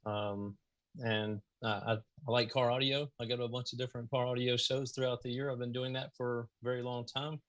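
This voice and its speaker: A man from Mississippi with a Southern accent, a podcast guest telling stories in an animated, casual way over a video call. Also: mid-range voice, fairly quick. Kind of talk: casual storytelling.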